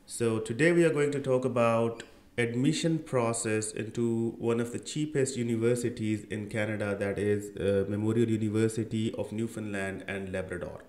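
A man's voice: on the low side, fairly even intonation, normal speed, a little mellow. Chatty young man hosting a tutorial. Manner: conversational, with frequent fillers and "right?" check-ins. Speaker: education channel host. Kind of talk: casual screen-share tutorial.

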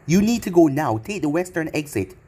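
A man voicing an adult female ninja in a storybook reading, urgent and apologetic, in his own slightly high voice. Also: very animated, fairly quick, warm tone, a little hiss or hum.

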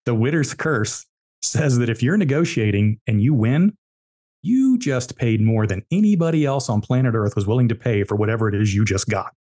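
A man's voice: mid-range voice, lively intonation, normal speed, dark tone. A man, an entrepreneur guest on a podcast, telling business stories bluntly and emphatically, repeating key words. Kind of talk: podcast interview storytelling.

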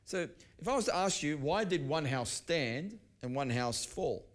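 A middle-aged male pastor delivers a teaching sermon in a fairly high voice. He talks conversationally, stumbling and restarting lines as he works through personal stories and scripture. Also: animated, a little slow.

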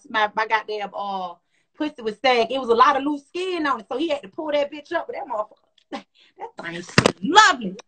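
A woman hosting a casual phone livestream, talking loudly and profanely in a rambling way. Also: fairly high pitch. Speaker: livestream host.

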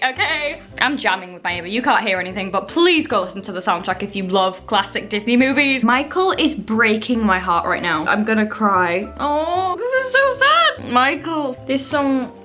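A woman chatting in a casual vlog, gushing and excitable. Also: mid-range voice. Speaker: vlogger.

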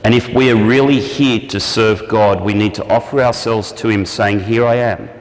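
A man preaching a sermon, animated and acting out prayers and quoted lines in shifting voices. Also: lowish voice, moderate pace. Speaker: pastor. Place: church hall. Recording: echoey church hall, long reverb.

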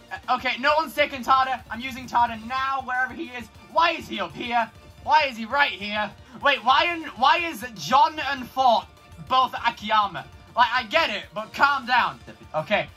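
A young man reacting to a trailer on his channel, excitable, shouting and rattling on like a hyped-up fan. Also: very high voice. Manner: excitable, shouts and laughs, rapid fan chatter.

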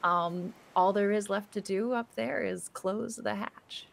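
Narrating as game master for a tabletop RPG, this woman speaks at medium pitch with vocal fry. Her scene descriptions are unhurried and full of fillers and restarts.

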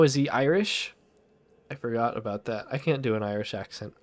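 A man's voice: medium pitch, a little fast. A man giving casual, sarcastic game commentary on stream, swearing and laughing at himself.

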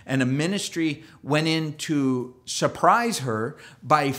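A man preaches a sermon in a fairly high voice and tells stories with animated energy. He rambles through restarts and acts out quoted characters. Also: slow pace, few pauses. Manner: chatty, full of fillers and restarts. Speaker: pastor.

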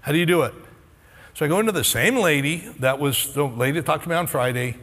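A middle-aged male pastor preaches a sermon in a slightly high, fairly bright voice at a quick pace. He tells a personal story and earnestly pleads with his congregation, and the recording carries the long reverb of a large hall.

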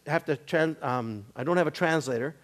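A man with a fairly high voice delivers a storytelling sermon to a congregation. He talks in a loose, conversational way and acts out the back-and-forth of the people in his story. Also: moderate pace. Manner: conversational, acting out quoted dialogue. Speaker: guest preacher. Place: church sanctuary with a congregation.

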